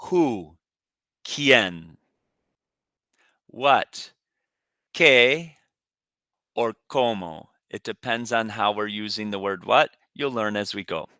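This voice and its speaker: A man teaching a recorded Spanish lesson, saying each word in English and Spanish and pausing for students to repeat. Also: on the low side, sharp tone, no echo. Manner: pronounces words for students to repeat.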